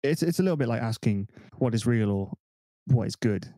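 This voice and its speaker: A man's voice: medium pitch, lively intonation, brisk, warm tone, dry recording. A man co-hosting a casual podcast over a remote call, explaining ideas at length and thinking aloud with fillers. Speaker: podcast co-host. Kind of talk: casual discussion. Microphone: desk microphone.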